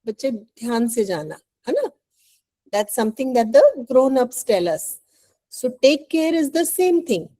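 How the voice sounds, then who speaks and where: A woman's voice: high-pitched, sing-song, moderate pace, dark tone, rough recording. A woman teacher with an Indian English accent giving an online English lesson. She is patient and coaxing, and she often checks in with "right?".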